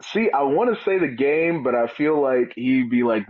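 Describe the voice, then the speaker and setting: A man talking casually as a guest in an interview, joking and telling animated stories. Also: a little high, moderate pace, few pauses, no room sound, muffled recording. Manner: joking, animated storytelling with comic voices. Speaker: wrestler guest.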